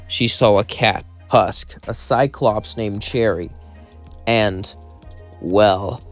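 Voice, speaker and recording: A man casually narrating a fan story in a loose, rambling way. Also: fairly low pitch.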